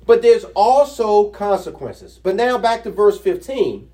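A man with a high voice leads a Bible study. He reads passages and then breaks them down in a lively, chatty way, asking his listeners questions. He sits a bit back from the microphone, so he sounds distant. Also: unhurried. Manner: conversational and animated, chuckles, rhetorical questions to the listeners. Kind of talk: Bible teaching, scripture reading with commentary.

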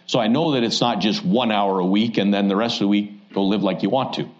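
A man's voice: lowish voice, fairly quick, highs cut off. A man, a pastor preaching a conversational Sunday evening sermon in a church, joking as he teaches. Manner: conversational and joking, with rising asides.

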